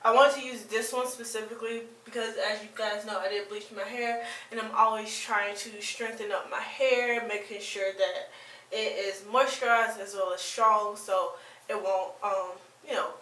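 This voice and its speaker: A woman's voice: mid-range voice, fairly even intonation, normal speed, sharp tone, roomy sound, distant mic, rough recording. A woman vlogger giving a casual, rambling product review with plenty of fillers and restarts. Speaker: beauty vlogger.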